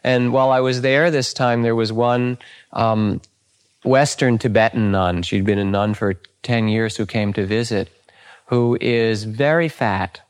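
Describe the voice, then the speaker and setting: A man's voice: mid-range voice, measured pace, clean tone. An older man, a meditation teacher, telling anecdotes in a dharma talk, often chuckling and saying "you know".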